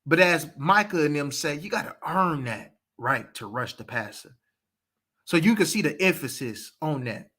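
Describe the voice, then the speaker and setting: Animated man breaking down football. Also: on the high side, normal speed. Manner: animated, emphatic, repeats points. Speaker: sports podcast host. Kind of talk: casual football analysis.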